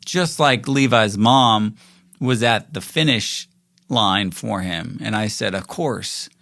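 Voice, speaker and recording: A man's voice: on the low side, takes it slowly, creaky, fairly bright tone. A man in his forties, hosting his own show, talking in a rambling, reflective monologue full of "like" fillers. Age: 40s. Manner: rambling, frequent "like" fillers, mimics quoted voices. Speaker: podcast host.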